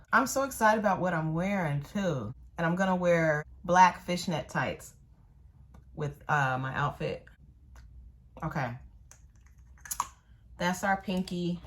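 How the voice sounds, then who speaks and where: A middle-aged woman vlogging casually, playful and animated, chatting to her pet and her viewers. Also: low voice. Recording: faint background noise.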